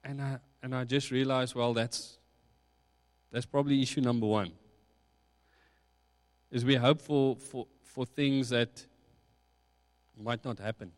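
Male pastor, mid voice, measured reflective sermon delivery, long reverb of a large hall. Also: medium pitch, steady tone. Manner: slow, reflective preaching with rising emphasis.

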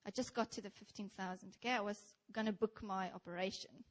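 A young South African woman speaks quickly at medium pitch while preaching in church. She tells stories with energy and addresses the congregation head-on.

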